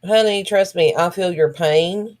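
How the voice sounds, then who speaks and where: A woman's voice: lowish voice, a little slow, darkish tone. A woman co-hosting a livestream, frank and joking. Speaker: co-host. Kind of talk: casual livestream chat.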